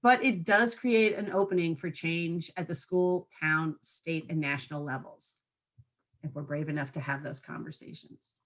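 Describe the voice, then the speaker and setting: A woman's voice: low voice, steady tone, normal speed. Woman giving a staff training talk, casual and chatty, keeps asking if folks follow. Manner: conversational, checks in with frequent tag questions. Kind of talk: online training presentation.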